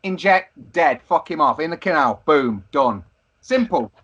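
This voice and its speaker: A man's voice: a little high, animated, measured pace, a bit bright, breathy edge, highs cut off. A man with young children, co-hosting a podcast in casual, swearing banter. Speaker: podcast co-host. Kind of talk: casual chat.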